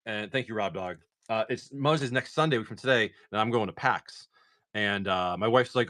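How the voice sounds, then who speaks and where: A man's voice: fairly low pitch, fairly quick, bright, forceful tone. A man hosting a casual livestream, rambling through stories full of "like" while opening trading cards. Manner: rambling storyteller, lots of "like".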